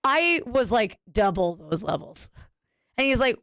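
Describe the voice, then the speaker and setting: A woman's voice: fairly high pitch, big pitch swings, unhurried, fairly bright tone, dry recording, clean studio sound. A woman streamer chatting casually with viewers, rambling and cutting herself off mid-sentence as she tells a story. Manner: rambling, self-interrupting storyteller.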